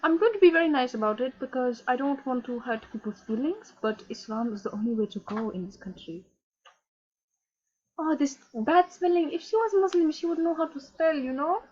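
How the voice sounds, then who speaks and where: A woman's voice: sits high, expressive, normal speed, a little mellow. A woman playing a pious Somali immigrant woman who speaks broken English with a Somali accent and gets scandalized while commenting on a game. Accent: put-on Somali accent. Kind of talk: in-character troll gameplay commentary. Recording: dull lo-fi recording.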